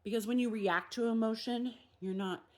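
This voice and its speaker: A woman's voice: a little high, normal speed. A woman, hosting a casual recovery reflection and acting out the quoted voices in her examples. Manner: animated, acts out quoted voices. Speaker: recovery meditation host.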